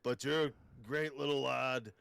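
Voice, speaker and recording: A man doing a gravelly Austrian-accented action hero. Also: medium pitch, fairly even intonation, unhurried, fairly bright tone, no room sound. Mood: jokey. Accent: Austrian, put on. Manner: heavy mock-menacing delivery, clipped phrases. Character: gruff older male action-star impression. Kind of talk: comedic impression on a podcast.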